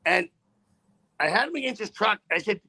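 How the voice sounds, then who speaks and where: A man's voice: high voice, very animated, moderate pace, sharp tone, husky. A man who drives trucks, telling a story in a casual interview with a profane, rambling, heated manner.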